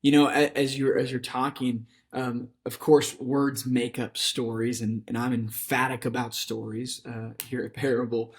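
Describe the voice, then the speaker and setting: A man's voice: medium pitch, little pitch movement, unhurried, few pauses. A man hosting a podcast interview, upbeat and affirming, with many hesitant restarts. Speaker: podcast host.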